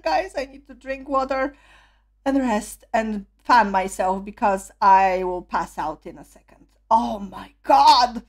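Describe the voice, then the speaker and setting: A woman with a hoarse voice from screaming, gushing breathlessly as she reacts to a concert video. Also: a little high, expressive, unhurried. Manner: gushing, breathless, repeats exclamations. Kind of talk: excited reaction commentary.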